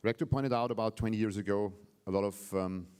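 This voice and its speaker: A man's voice: fairly low pitch, steady tone, brisk, darkish tone, smooth. A man in his forties with an Austrian German accent gives an informal, direct public speech as a government official. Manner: informal and direct, with fillers like "you know" and "yeah". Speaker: government state secretary giving a speech.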